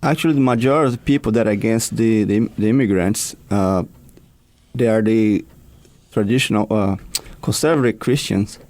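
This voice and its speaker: Low-voiced guy on a radio show, lots of uhs, kinda stop-start, dry sound. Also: darkish tone, dry recording. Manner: halting, many fillers. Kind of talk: casual radio talk.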